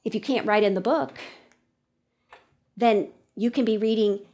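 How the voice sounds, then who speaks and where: A woman teacher talking to students in a classroom lesson, lively and expressive, sometimes dropping to a whisper. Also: mid-range voice, a little slow. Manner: animated, drops to a whisper for the thinking voice.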